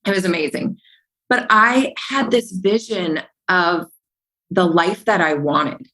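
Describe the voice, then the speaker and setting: A woman's voice: on the low side, slow, poor audio. A woman speaking as a podcast guest, telling stories with animation, acting out past conversations and driving her points home by repeating phrases. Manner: animated storyteller who acts out remembered dialogue.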